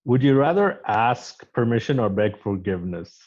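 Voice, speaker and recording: Mellow-voiced man hosting an interview. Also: lowish voice, animated, normal speed, muffled recording. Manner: hesitant, many fillers and restarts. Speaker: interview host. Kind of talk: casual interview, rapid-fire questions.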